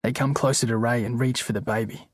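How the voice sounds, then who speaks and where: A man narrating an audiobook in a steady, measured way. His voice is husky, and the recording is dry. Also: mid-range voice, no room sound. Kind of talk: scripted narration.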